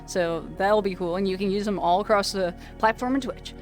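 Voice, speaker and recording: A woman hosting a casual livestream, chatty and quick to laugh, often stumbling and restarting her words. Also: mid-range voice, faint music behind. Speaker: streamer host.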